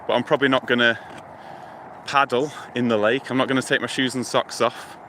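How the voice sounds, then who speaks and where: Phone held as he walks, a UK livestreamer chats with his audience beside a lake and river by a motorway, rambling in a relaxed way and thinking out loud. His voice is mid-range and a touch quick, with outdoor traffic noise behind.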